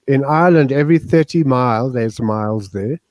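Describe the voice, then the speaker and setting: Mellow-voiced man telling stories. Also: mid-range voice, brisk, no echo. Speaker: guest. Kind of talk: casual chat.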